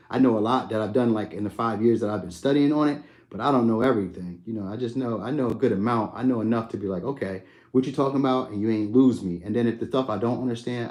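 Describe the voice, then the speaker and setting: A young adult man hosting a live stream, chatting casually and answering viewers' comments by name in a relaxed, slangy way. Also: medium pitch. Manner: laid-back, slangy, talks to viewers by name.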